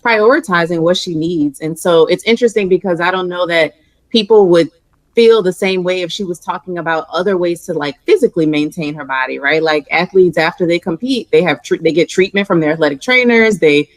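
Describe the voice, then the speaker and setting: A woman with a New Orleans Southern accent, answering interview questions as a guest psychologist in an articulate, measured way. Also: on the low side, no echo, poor audio.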